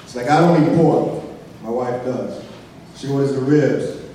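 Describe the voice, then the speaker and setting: A man's voice: medium pitch, a little slow. A man doing a stand-up comedy set, telling a story in a conversational way and tossing in "right?" asides. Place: comedy club stage. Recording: far-off mic in an echoey hall with loud audience noise.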